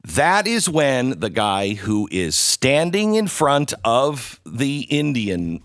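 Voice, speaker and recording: A man hosting a show, retelling what happened in video clips in animated commentary and acting out the quoted voices. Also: medium pitch, slow, hardly any pauses, no room sound, clean studio sound, soft background music. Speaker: show host.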